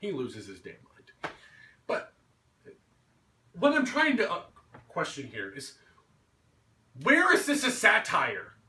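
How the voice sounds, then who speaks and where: A man's voice: sits high, huge pitch swings, slow, long pauses, sharp tone. A man giving an angry, swearing rant about a movie, mocking characters in put-on voices. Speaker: vlogger. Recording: roomy echo, mic at a distance.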